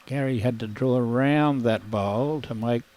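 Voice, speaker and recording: An Australian man commentates a lawn bowls match live. His voice sits at an ordinary middle pitch for a man. He calls the play and slips in dry, joking banter with his co-commentator. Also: unhurried, a little mellow, rough recording.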